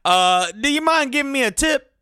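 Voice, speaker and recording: A man's voice: extremely high pitch, expressive, moderate pace, bright, forceful tone, no echo, studio quality, voice pushed up, exaggerated voice. A man voicing a pushy older street guide who eagerly points the way and asks for a tip. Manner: eager, insistent, over-helpful.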